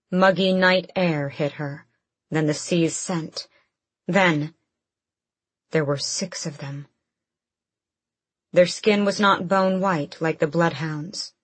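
A woman narrating a fantasy audiobook in a measured, steady storytelling manner. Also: lowish voice, breathy edge, no echo.

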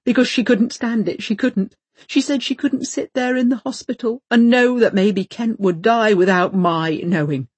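A woman's voice: medium pitch, expressive, normal speed, darkish tone, breathy edge, no echo, voice pushed up. A woman reading an audiobook voices a prim, fussy older wife who speaks in precise, insistent, formal phrases. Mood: hurt.

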